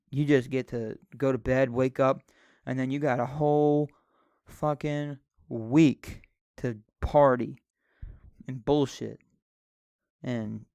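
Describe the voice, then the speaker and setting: A young man talks straight into a close mic on his own podcast, wandering from one crude aside to the next and laughing at himself. His voice is smooth and resonant, sitting at an ordinary male pitch. The sound is dry and close, with no room around it. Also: dry recording. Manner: rambling, crude, self-mocking jokes with frequent fillers. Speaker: podcast co-host recording solo. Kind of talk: rambling solo podcast monologue.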